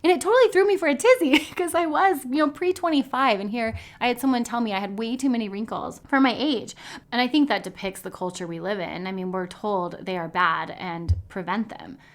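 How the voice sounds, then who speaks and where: A woman's voice: medium pitch, normal speed. Upbeat chatty woman dietitian. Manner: upbeat, chatty, laughs often. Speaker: dietitian and podcast host. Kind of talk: casual podcast monologue.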